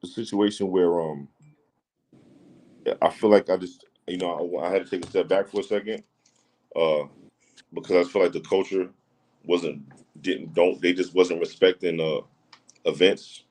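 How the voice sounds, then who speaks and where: A man's voice: low voice, steady tone, moderate pace, long pauses, darkish tone, poor audio. A man talking as a podcast guest in casual chat, emphatic and repetitive, often asking if you get what he's saying. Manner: emphatic, repeats phrases, often asks "you know what I'm saying".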